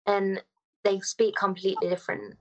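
A woman, chatting quickly with lots of fillers. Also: mid-range voice, level tone. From Mansfield, England. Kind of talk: casual chat. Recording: dull lo-fi audio.

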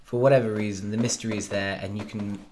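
Jokey man with a low voice. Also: steady tone, fast talker, a little mellow, a little hiss or hum. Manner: jokey, teasing banter. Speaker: podcast co-host. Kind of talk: casual film chat.

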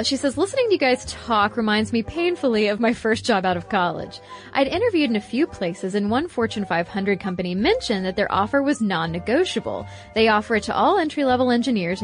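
A woman podcast co-host reading a listener letter aloud, with lively jumps in her delivery. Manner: expressive reading with animated pitch jumps. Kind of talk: reading listener mail and ads.

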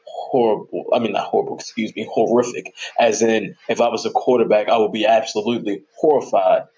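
A man's voice: on the low side, fairly even intonation, fairly quick, mellow, dull audio. A man hosting his own sports podcast, chatting casually and animatedly as he jokes through his predictions and picks.

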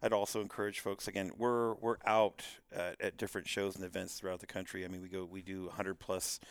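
A man speaking as a company guest on a podcast, halting and full of restarts and fillers. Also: sits low, little pitch movement, smooth, no echo. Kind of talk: casual podcast interview.

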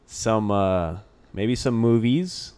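A man co-hosting a casual podcast, speaking in relaxed, slangy banter. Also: lowish voice, takes it slowly, clear, resonant tone. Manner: laid-back slangy banter. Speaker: podcast co-host.

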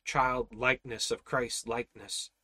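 A man's voice: mid-range voice, level tone, a little slow, sharp tone, no echo. A man teaching an informal Bible study, exhorting his listeners with rhetorical questions, repeated phrases and frequent restarts. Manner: many restarts and repeated words.

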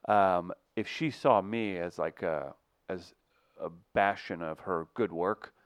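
A man co-hosting a casual comedy podcast, talking in a dry, deadpan way and reading sponsor spots. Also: sits low, slow, no echo. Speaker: podcast co-host.

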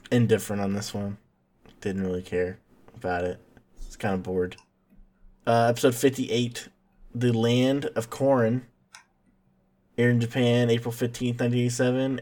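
A man's voice: mid-range voice, a little mellow. A man hosting a podcast, recapping an episode in a casual, jokey way and calling his cohosts by name. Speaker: podcast host.

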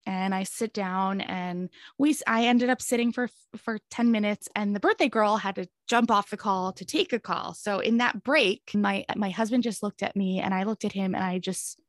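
A woman's voice: mid-range voice, moderate pace, hardly any pauses, dry recording. A woman in her thirties speaks as a podcast guest, telling a personal story in a candid, earnest way. She rambles and restarts, with a natural mid-range voice. The recording is close and dry, with no room sound.

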